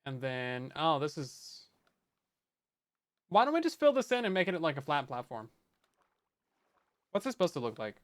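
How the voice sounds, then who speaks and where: Very animated and fairly high-pitched, with a slightly bright tone, this man speaks at a moderate pace and pauses often. He hosts a Minecraft let's play, casually narrating his building, chatting with his chat and joking at his own expense.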